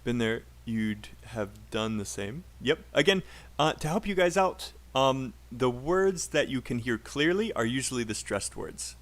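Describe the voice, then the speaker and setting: A man's voice: mid-range voice, animated, unhurried, a bit bright. A man with a British accent teaching a live online English class, chatty and encouraging, drilling phrases aloud for students to repeat.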